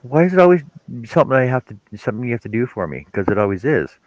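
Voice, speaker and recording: A man's voice: mid-range voice, very animated, rapid-fire, a little mellow, lo-fi sound. A man chatting casually on a live stream, telling wry stories and teasing the others. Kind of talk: casual chat.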